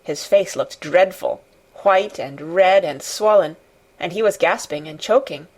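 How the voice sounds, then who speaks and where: A woman reading a classic novel aloud as an expressive audiobook narrator. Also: on the low side, measured pace, slightly rough. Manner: expressive storytelling. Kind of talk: scripted narration.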